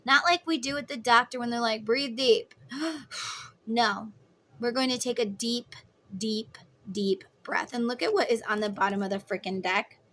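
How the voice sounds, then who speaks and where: A woman in her thirties giving a casual tarot reading, chatty and motherly, guiding the listener through slow breathing. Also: on the high side, fairly even intonation, a bit bright. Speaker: tarot reader.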